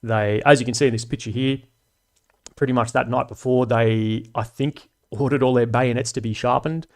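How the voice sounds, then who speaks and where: A man's voice: mid-range voice, fairly even intonation, normal speed. A man in his thirties with an Australian accent, hosting a casual livestream chat in a laid-back, slangy way with frequent swearing. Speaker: livestream host.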